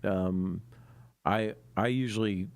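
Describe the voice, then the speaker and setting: A man's voice: on the low side, fairly even intonation, slow, clear, resonant tone. A man co-hosting a podcast, chatting casually and easily, with frequent fillers and laughs. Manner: easygoing, laughs often, many fillers. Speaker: podcast co-host.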